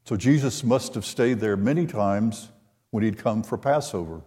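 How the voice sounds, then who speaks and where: An older man preaching a sermon, retelling a scripture story in an unhurried way and voicing the quoted lines. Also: on the low side, warm tone. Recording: long hall reverb.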